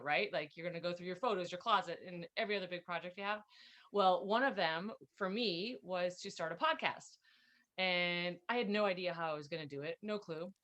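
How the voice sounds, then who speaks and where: A woman guesting on a podcast, telling her story in a lively, upbeat way. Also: lowish voice, fairly quick. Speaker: podcast guest, health coach. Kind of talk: casual interview chat.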